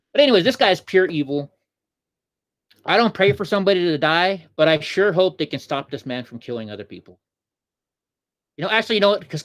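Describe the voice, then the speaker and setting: With a fairly high-pitched voice, this livestream host delivers heated political commentary that rambles and repeats, answering people in the chat as he goes.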